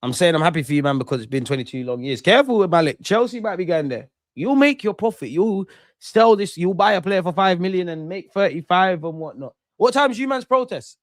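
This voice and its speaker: A man's voice: high-pitched, lively intonation, a little fast, no room sound, studio quality. A young man, a streamer ranting and mocking rival fans in slang-heavy banter during a live football watch-along. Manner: brash, mocking rants with London slang.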